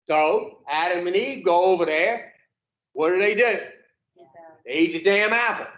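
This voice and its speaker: A man with a fairly high voice speaks slowly, leading a recovery group in a folksy, plain-spoken way with mild swearing. He keeps calling on his listeners as he teaches. The room is echoey and the sound is dull and lo-fi. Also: a bit bright. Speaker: addiction recovery group leader.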